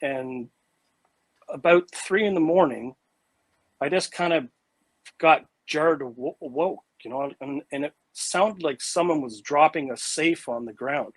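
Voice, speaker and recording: A man in an interview, telling his story in a casual, animated way that is full of fillers and restarts. His voice sits a little high for a man. The sound is close and dry, with no room echo. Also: measured pace. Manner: animated and vivid, with frequent "like" and "you know" fillers and restarts. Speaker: interview guest recounting an encounter.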